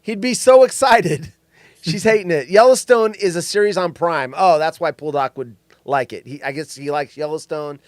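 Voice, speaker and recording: A man co-hosting a casual live-stream podcast, telling stories in an animated way and reading viewer comments aloud. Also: a little high, moderate pace, no room sound, clean studio sound. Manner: animated storyteller, reads chat aloud. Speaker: podcast co-host.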